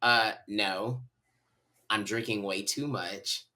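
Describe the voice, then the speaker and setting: A man from North Carolina, a podcast guest telling a personal story in a candid, animated way. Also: lowish voice, measured pace. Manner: animated, candid, talks to listeners as y'all.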